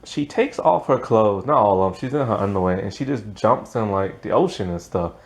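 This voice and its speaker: A man's voice: fairly low pitch, expressive, fairly quick. A man giving a casual, rambling recap of a TV episode, peppered with "like" and laughing at the plot. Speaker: TV show reviewer.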